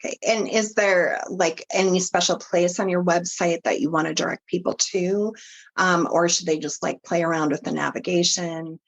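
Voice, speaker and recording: A woman's voice: on the low side, fairly even intonation, moderate pace, gravelly. A woman hosting a podcast interview, prompting her guest with encouraging questions. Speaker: podcast host.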